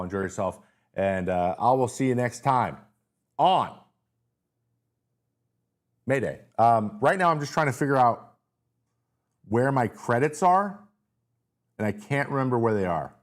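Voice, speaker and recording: A male host answering viewer questions in a loose, jokey, rambling way, sounding tired with his voice wearing out. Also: on the low side. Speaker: show host. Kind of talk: casual live-stream Q&A.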